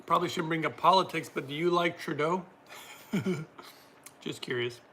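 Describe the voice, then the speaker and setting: A man's voice: a little high, a little slow, bright, forceful tone, slight background noise. A man hosting a casual livestream, reading out viewer comments and answering them in a chatty way, laughing often.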